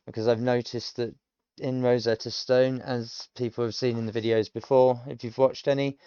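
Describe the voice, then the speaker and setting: A man's voice: medium pitch, little pitch movement, normal speed, warm tone, clean tone, no room sound, dull audio. A British man in his thirties, a self-taught learner casually thinking aloud and explaining pronunciation, rambling with many ums. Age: 30s. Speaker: language learner streamer. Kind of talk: casual self-study commentary.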